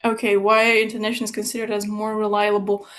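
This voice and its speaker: A woman with a French accent, a native French speaker, answering conference questions over a video call, thinking aloud with many pauses and fillers. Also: mid-range voice, completely flat delivery, fairly bright tone. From France. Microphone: video call from a computer.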